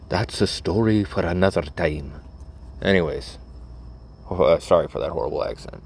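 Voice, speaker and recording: A middle-aged man talks in a very deep, low voice, rambling bluntly and cynically with plenty of fillers and the odd curse. He records a casual vlog from inside a vehicle. A faint hum of the road sits behind him. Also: vocal fry, darkish tone. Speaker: vlogger.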